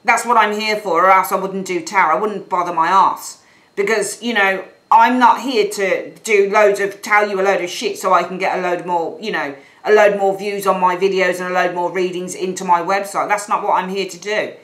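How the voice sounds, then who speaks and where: A woman's voice: medium pitch, steady tone, moderate pace, fairly bright tone, roomy sound, low-quality recording. A woman giving a tarot reading, blunt and frank, swearing casually and repeating herself. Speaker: tarot reader. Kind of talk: monthly tarot reading, ranting aside.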